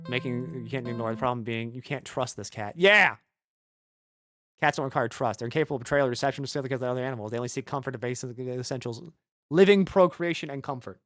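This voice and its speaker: A male streamer talks through a game at a middle pitch, half muttering the on-screen text and half riffing on it with irreverent jokes and the odd swear. His asides wander, stuffed with "like", with quiet game music under him. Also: fairly even intonation, fast, dry recording. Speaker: streamer playing a video game. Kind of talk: casual gameplay commentary, reading game text aloud.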